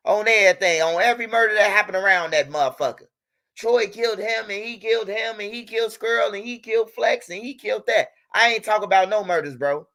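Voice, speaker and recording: A young man with a high-pitched, sharp-toned voice rants heatedly and fast straight into the camera at a rival. He is angry and profane, repeating himself as he goes.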